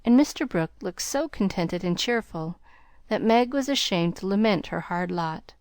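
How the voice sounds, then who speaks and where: Woman calmly reading a classic novel aloud. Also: medium pitch, normal speed, no echo, clean studio sound. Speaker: audiobook reader.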